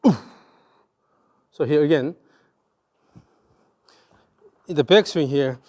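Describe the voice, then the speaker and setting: A man's voice: a little high, fairly quick, long pauses, a little mellow. A man with a Korean accent giving hands-on golf swing coaching, repeating short cues in rhythm as his student swings.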